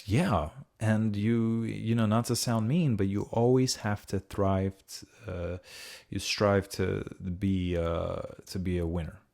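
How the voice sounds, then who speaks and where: A young man hosting a casual podcast chat, swearing freely and getting animated as he makes his points. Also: slow, creaky. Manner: animated, swearing freely, jumps into high mocking voices when quoting. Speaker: podcast host.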